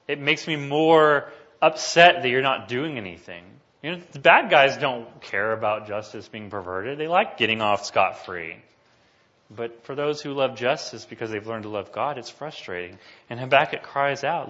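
A male pastor with a bright, forceful voice delivers a sermon. He swings from easy asides to emphatic, loud scripture reading. The recording is slightly dull and muffled. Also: medium pitch, animated, measured pace.

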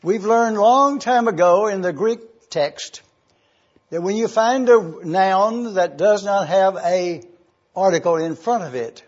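A man preaching a sermon, teaching scripture slowly and deliberately with emphatic pauses. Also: high-pitched. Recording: dull lo-fi recording.

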